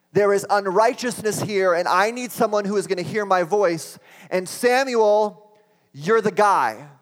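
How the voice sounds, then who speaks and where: God's urgent call, as a preacher puts it on. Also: male voice, high-pitched, pitched above the performer's own voice. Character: God calling a boy, urgent and commanding. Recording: long hall reverb.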